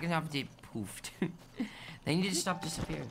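A gaming streamer giving casual let's-play commentary, playful and affectionate, often dropping to a soft murmur. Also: mid-range voice, wildly swooping pitch, a little slow, gravelly. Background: game music.

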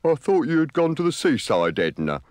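A man voicing a mild, slightly glum male caterpillar for a storybook record, speaking slowly and wistfully. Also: a little high, big pitch swings, dry recording, clean studio sound, pitched above the performer's own voice.

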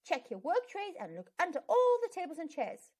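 A woman reading a children's book aloud, voicing a kind, calm primary school teacher with an encouraging manner. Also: very high-pitched, moderate pace, voice pushed up, full character voice.

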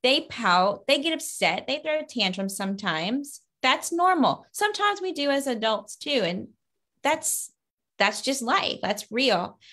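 With a high, unhurried voice, this children's book author from Louisiana answers an interview by video call in an earnest, upbeat manner, and her stories spark into lively bursts.

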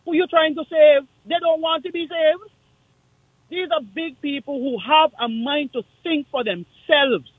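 A man with a Kittitian accent calling in to a radio talk show, speaking in an impassioned, forceful, repetitive way. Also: very high-pitched, unhurried, dry recording. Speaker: caller. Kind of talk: call-in radio rant. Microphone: phone line. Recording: tinny dry phone line.

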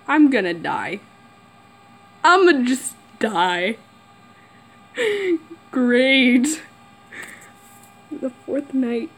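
A woman's voice: on the high side, very animated, very slow, long pauses, rough recording. A woman playing a horror game and talking to herself, jumpy and nervous, squealing and giggling. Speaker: gamer. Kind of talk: horror game let's play commentary. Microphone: camera mic.

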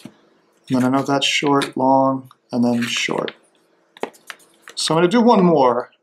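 A man thinking aloud as he slowly works through a demonstration, tentative and musing, with frequent restarts. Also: mid-range voice, expressive, slight background noise.

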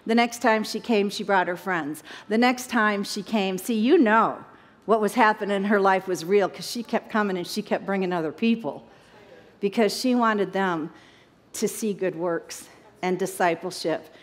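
Animated woman preaching in a big hall. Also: mid-range voice, normal speed. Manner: animated preaching, scripture reading. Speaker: Bible study teacher. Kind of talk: sermon. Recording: echoey hall.

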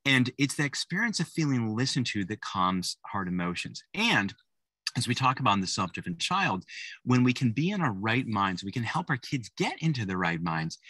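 A man co-authoring a parenting book, talking to parents in a lively, conversational way and acting out what parents and kids say. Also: on the low side, no room sound. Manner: animated, acts out parent and kid voices. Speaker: co-author giving a book talk.

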